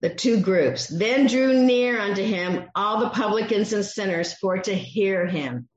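Woman, sermon, slow deliberate delivery, expressive Bible teaching, roomy echo, dull sound. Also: medium pitch. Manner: expressive Bible teaching, acting out quoted voices. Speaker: preacher. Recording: echoey dull room sound.

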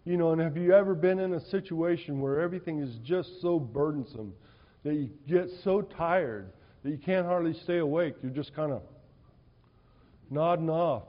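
A male preacher delivering a sermon in an animated, conversational storytelling way in a church hall. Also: a little high, moderate pace. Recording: dull, reverberant hall sound.

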